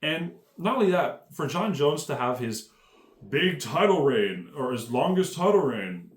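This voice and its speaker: A man's voice: a little high, very animated, measured pace, echoey room. A man giving a casual, profane commentary rant, rambling and full of fillers. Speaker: MMA commentary YouTuber.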